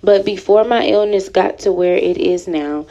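A woman in her thirties, from Houston, Texas, reading aloud from her own written story and adding personal comments, soft and halting with many ums. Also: medium pitch, highs cut off. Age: 30s. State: emotional, near tears.

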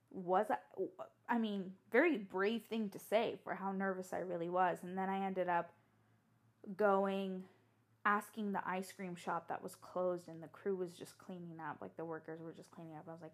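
A young woman telling a story in casual, chatty fashion, animated and full of fillers and restarts. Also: mid-range voice, moderate pace.

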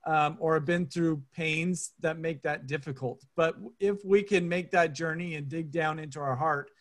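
A man's voice: on the high side, fairly even intonation, normal speed. A man appearing as an author guest on a podcast, eager and thoughtful as he explains his work. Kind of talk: casual interview chat.

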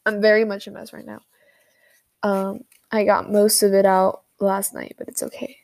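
A young woman venting in an unscripted monologue, halting with frequent fillers and pauses, recorded on a phone voice memo. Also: mid-range voice, little pitch movement, vocal fry, darkish tone. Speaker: vlogger.

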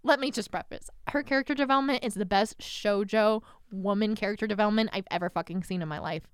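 A young woman co-hosting a casual anime podcast, animated and profane, laughing often and dropping into whispers. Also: medium pitch, quick pace, smooth, dry recording, clean studio sound. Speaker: podcast co-host.

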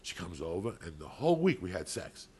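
A man's voice: sits low, sing-song, fairly quick, warm tone, slightly rough. A man co-hosting a podcast, telling a long story in a casual, profane, rambling way. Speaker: podcast co-host.

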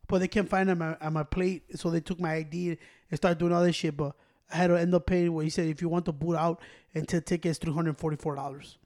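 Brief: male co-host, high-pitched, fast, profane, heated storyteller. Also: steady tone, a little mellow. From Chicago area. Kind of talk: casual chat.

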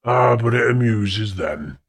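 A man's voice: animated, slight background noise. A man playing a kind, courteous French village doctor in an amateur audio drama. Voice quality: very husky, slow and low. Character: kindly old-fashioned male village doctor, French. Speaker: doctor character.

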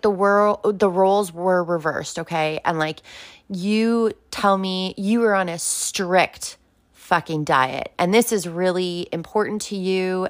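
A woman's voice: lowish voice, no room sound. A young woman venting bluntly to camera, swearing often and filling her talk with "like". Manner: blunt, profane, heavy use of "like". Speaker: vlogger talking about sobriety. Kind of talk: casual direct-to-camera rant.

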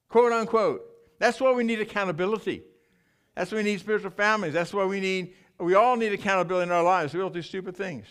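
An older man preaching in a church, telling mission stories in an animated, emotional way with frequent restarts. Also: sits high. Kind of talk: sermon storytelling.

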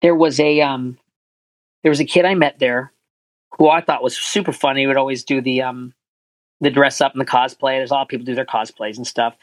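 Male voice actor, earnest rambling talker, medium pitch, dry recording. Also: fairly even intonation, brisk, dry recording, low-quality recording. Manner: rambling, restarts often, earnest. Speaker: voice actor guest. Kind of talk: casual interview chat.

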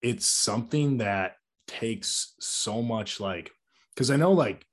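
A man's voice: medium pitch, takes it slowly. A young man hosting a podcast, chatting enthusiastically with many "likes". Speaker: podcast host. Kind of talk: casual interview chat.

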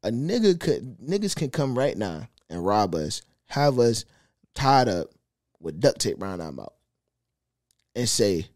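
A man's voice: fairly low pitch, measured pace, no room sound. Argumentative man in dry casual podcast chat. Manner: animated, argumentative, acts out quoted speech. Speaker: podcast co-host.

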